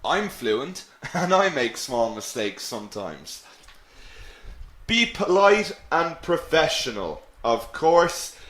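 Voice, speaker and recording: Slow-paced man teaching English. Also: mid-range voice. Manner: patient, explanatory, reads out learner questions. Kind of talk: live webinar lesson. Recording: echoey room.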